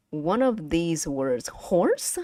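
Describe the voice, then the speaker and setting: A woman with a Vietnamese accent walks her chat through pronunciation. Her voice sits low but swoops widely as she models each tone, and she laughs often. She speaks slowly into a close, dry mic. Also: dark tone, no echo. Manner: playful, giggly, drills tones aloud. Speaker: vtuber language streamer. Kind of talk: casual language lesson to stream chat.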